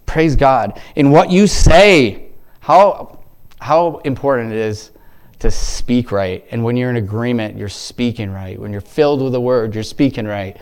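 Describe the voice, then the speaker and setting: A man's voice: medium pitch, unhurried, darkish tone, clean tone. A man giving an informal devotional talk to a church group. He rambles, breaks off mid-sentence and keeps exclaiming praise. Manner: rambling, self-interrupting, exclamatory. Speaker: lay church speaker.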